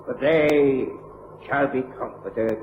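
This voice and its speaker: An actor playing a solemn village priest speaking over a grave at sea, in old-time radio drama, on an echoey, tinny old recording. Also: male voice, medium pitch, slow pace, slight background noise, close to an everyday voice.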